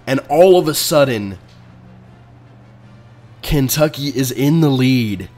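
A man talks through his own video game match in a loose, casual play-by-play. His voice sits at an ordinary middle pitch, and he is excitable, dropping into low grumbles and then jumping to loud outbursts. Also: slow pace, long pauses. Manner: excitable, swings from muttering to sudden loud outbursts. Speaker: video game player and channel host. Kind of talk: casual let's-play commentary.

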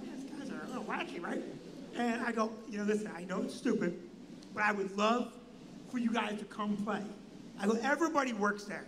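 A man's voice: very high-pitched, fairly quick. An older man, a comedy club owner, telling a comic story and acting out the people in it. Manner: animated, does voices of people in his story. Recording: noisy live-stream audio.

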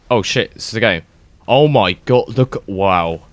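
A young man giving excitable, rambling let's-play commentary, swearing and thinking aloud as he plays. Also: fairly low pitch, measured pace, dry recording. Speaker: gaming YouTuber.

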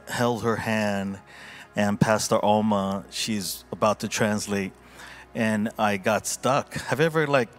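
A man pastor speaking informally at a church service, telling a heartfelt story with many fillers and restarts. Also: lowish voice. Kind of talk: informal church testimony and reflection.

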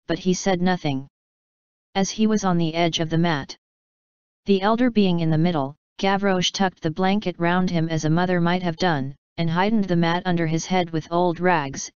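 Woman reading an old novel out loud, really clear voice, slightly low, dry dull-ish mic. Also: dry recording. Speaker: audiobook narrator. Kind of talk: scripted narration of a classic novel.

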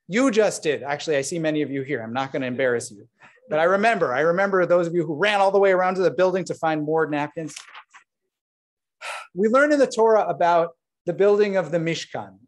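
High-voiced rabbi preaching earnestly. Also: male voice. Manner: earnest, warm address with asides to the congregation. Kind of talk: installation sermon. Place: synagogue sanctuary.

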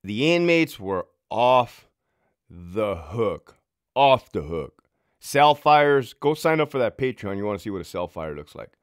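A former prison sergeant tells his own story to camera in a rough, swearing, worked-up way. His low voice swings widely up and down as he talks. The sound is dry and close, with no room echo. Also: measured pace. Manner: profane, heated, animated.

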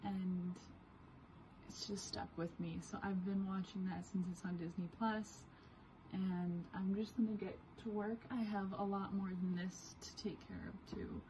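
A woman in her twenties vlogging at home, giving her dog commands in a raised pet-talk voice and chatting quietly to the camera. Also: mid-range voice, steady tone, a little slow, a little hiss or hum, poor audio. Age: 20s. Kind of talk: casual vlog, training her dog. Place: home, indoors.

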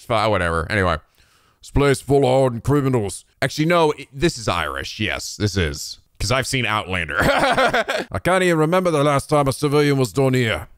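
A man commenting excitedly on a video game as he plays, swearing and laughing often. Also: fairly high pitch, no room sound, studio quality. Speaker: let's play host.

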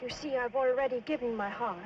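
Gentle young nun, played by a woman, soft and polite, voice a little high. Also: fast talker, highs cut off, background noise, close to an everyday voice. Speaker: film character.

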